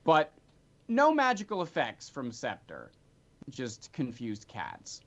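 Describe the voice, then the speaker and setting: A man narrating a tabletop game as game master, chatty and animated, with frequent filler ums. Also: mid-range voice, takes it slowly, a little hiss or hum. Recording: dull lo-fi recording.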